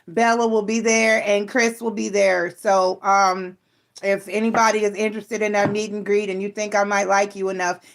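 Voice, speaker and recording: Middle-aged woman, casual tarot host, playful and teasing, close mic. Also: mid-range voice. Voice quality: chatty, playful, teasing asides. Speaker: tarot reader and channel host. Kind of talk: casual chat to viewers.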